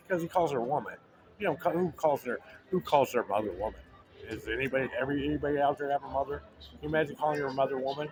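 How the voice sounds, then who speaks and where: A man in a rambling, joking casual monologue, full of restarts and asides to the listener. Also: mid-range voice.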